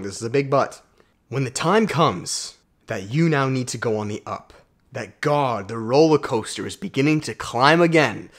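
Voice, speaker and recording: A man delivers a self-help monologue straight to camera, blunt and full of swearing. He keeps calling his viewers guys, drops into low asides, then bursts out loud to hammer a point home. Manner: blunt, profane and emphatic, addresses viewers as guys; swings between low asides and loud outbursts. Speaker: self-development YouTuber.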